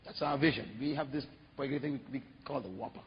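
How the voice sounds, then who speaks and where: A man's voice: brisk, husky, big-room sound, muffled recording. A man voicing a boastful male burger chain spokesman bragging about his product. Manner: bragging sales pitch.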